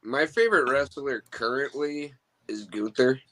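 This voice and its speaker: A man chatting as a guest on a live stream, rambling and excitable as he talks through old memories. His voice sits at an ordinary middle pitch. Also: a little slow, rough recording. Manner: rambling, excitable fan talk. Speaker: guest wrestler. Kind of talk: casual podcast chat. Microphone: remote call mic.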